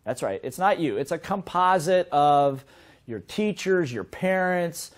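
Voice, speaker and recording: A man's voice: a little high, unhurried. Man teaching, full of rhetorical questions. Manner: lively, asks the audience many rhetorical questions. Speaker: sales and business trainer. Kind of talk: seminar teaching to an audience.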